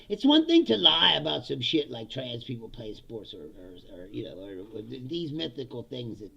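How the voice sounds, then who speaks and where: A man's voice: medium pitch, creaky, fairly bright tone, breathy edge, lo-fi sound. A man delivering a profane, sarcastic political comedy rant, laughing between lines. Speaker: political commentator.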